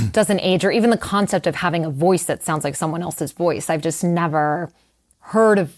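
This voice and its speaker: A woman's voice: lowish voice, normal speed. A middle-aged woman, a writer, telling a personal story in an interview in a candid, conversational way with many fillers and asides. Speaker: guest writer.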